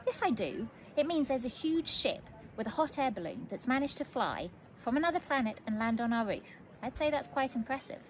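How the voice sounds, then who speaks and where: A woman's voice: high voice, big pitch swings, brisk, few pauses, slight background noise, voice pushed up, low-quality recording. A woman doing an eager, earnest little girl.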